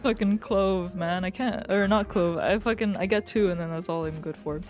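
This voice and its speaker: A woman's voice: medium pitch, moderate pace, a little mellow, faint music behind. A young woman streamer in casual live chat, rambling, swearing often and joking as she goes.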